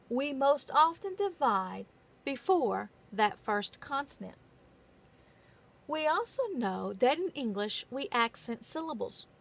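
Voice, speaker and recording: A woman giving a phonics lesson in a patient, deliberate way, stressing the key words. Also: a little high, a bit bright. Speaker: phonics teacher. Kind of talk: slow, careful classroom instruction.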